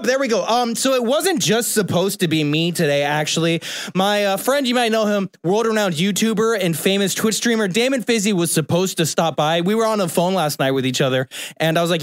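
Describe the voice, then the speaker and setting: A man's voice: sits high, brisk, dry recording. Upbeat young man hosting radio. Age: young adult. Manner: upbeat, chatty, rambling. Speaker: radio show host. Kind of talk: live radio talk show, casual chat. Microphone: studio microphone.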